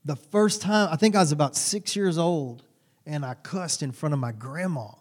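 A man in his forties preaching a sermon, telling folksy stories with sudden loud bursts. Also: a little high, moderate pace. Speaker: pastor.

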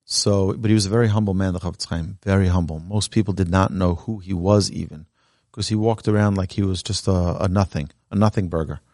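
A man's voice: deep voice, steady tone, fairly quick, darkish tone, no room sound, clean studio sound. A man teaching a Torah class as a rabbi, speaking earnestly and urging his listeners, with emphatic rising lines as he tells a story. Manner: earnest, exhortative, tells stories with emphatic rises. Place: Torah learning center, indoors. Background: live audience present.

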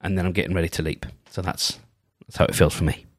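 A man hosting his own solo podcast, chatting gently and meandering, often restarting his sentences. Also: low-pitched, fairly even intonation, fast, dry recording, studio quality. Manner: meandering, self-interrupting, gentle. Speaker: podcast host. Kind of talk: casual solo podcast chat.

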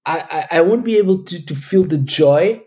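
A man from Portugal whose first language is Portuguese, speaking as a podcast guest in a thoughtful, halting way with many restarts. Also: on the high side, expressive, darkish tone. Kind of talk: casual podcast conversation.

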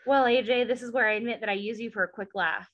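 A woman with a Southern accent co-hosting a casual recap podcast, sarcastic and animated, slipping into impressions. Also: a little high, fast, lo-fi sound. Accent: Southern American. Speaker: podcast co-host.

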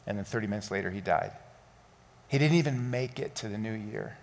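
A man's voice: lowish voice, brisk, gravelly. Earnest preaching man in a reverberant hall. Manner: earnest storytelling, rising to impassioned appeals. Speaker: pastor. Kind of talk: sermon with personal story.

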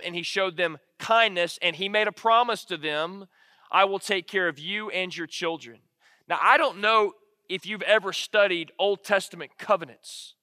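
A man's voice: high-pitched, sharp tone, no echo, studio quality, long reverb tail. A man from Alabama, preaching a sermon as pastor, earnest and repeating key lines for emphasis. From Alabama, United States.

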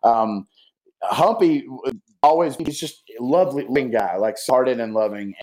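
A man appears as a guest on a talk show, telling stories casually and reflecting earnestly in a rambling way with lots of fillers. His voice is medium-pitched and darkish at a moderate pace, and the audio is poor.

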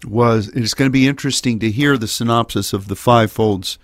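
A middle-aged man co-hosting a prayer ministry radio show, chatting casually and haltingly with many fillers and restarts. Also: mid-range voice, dry recording. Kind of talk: casual chat.

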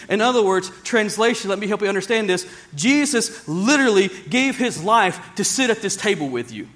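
High-voiced man preaching emphatically. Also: animated, fairly quick, hardly any pauses, a bit bright. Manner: emphatic, repetitive preaching with many restarts. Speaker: pastor. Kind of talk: sermon. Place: church service, also streamed to another campus.

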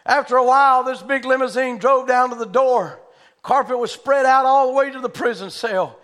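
A man's voice: very high voice, normal speed, fairly bright tone. A man preaching a sermon in a church, telling a story with fervent conviction.

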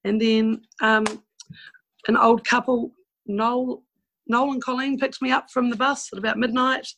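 A woman's voice: fairly high pitch, little pitch movement, unhurried, gravelly, fairly bright tone, rough recording. A woman from New Zealand with a New Zealand accent, frankly telling stories from her past in a casual interview. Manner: chatty and frank, with mild swearing and laughing asides. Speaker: guest telling life stories.

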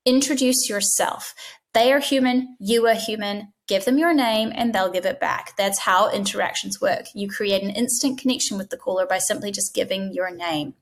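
A woman teaching front-desk staff how to answer the phone. She talks directly and with emphasis, often acting out sample greetings in a brighter voice to show what works and what falls flat. Her pitch sits in the middle. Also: moderate pace. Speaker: dental practice trainer. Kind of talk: instructional talk.

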